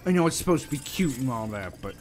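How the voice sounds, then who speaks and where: Animated, sarcastic gamer man. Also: medium pitch, fast talker, over music. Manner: animated, sarcastic, swears a lot. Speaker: gaming video host. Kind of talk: casual let's-play commentary.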